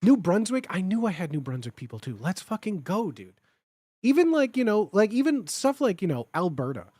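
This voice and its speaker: Rich: A young man streaming live, rambling excitedly to his viewers and swearing cheerfully along the way. His voice sits high and swings all over the place. The sound is close and dry, with no room around it. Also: a little fast, no room sound. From Chicago area, United States. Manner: excitable, rambling, lots of filler words and swearing. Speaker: livestreamer. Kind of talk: casual chat with viewers.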